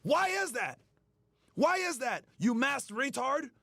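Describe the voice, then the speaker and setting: Very high-pitched and gravelly with a fairly bright tone, this streamer takes his time through an angry, profane rant. He's very animated and mocks his targets, and the recording is dry.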